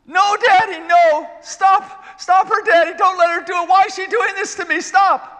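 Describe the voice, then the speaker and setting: Brief: terrified three-year-old girl, shrill pleading cries, put on by a man, long hall reverb. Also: steady tone, normal speed, sharp tone. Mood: panicked pleading.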